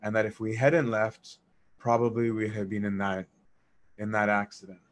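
A man casually telling a personal story, animated, acting out dialogue and laughing as he goes. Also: fairly low pitch, normal speed. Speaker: storyteller recounting memories of a monk.

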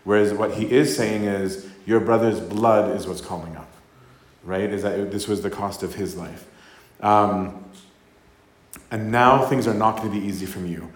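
Speaking unhurriedly in a reverberant space, a priest reads from scripture and then discusses it like a casual sermon. His pitch is fairly low and his tone steady. Lines often finish with "right?", and he slips into acted-out voices.

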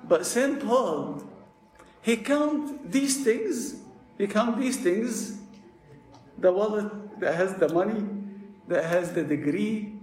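A priest preaching a sermon, telling stories in a lively way and checking in with "okay?". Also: male voice, fairly high pitch. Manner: animated storytelling with frequent "okay?" check-ins. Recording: echoey room.

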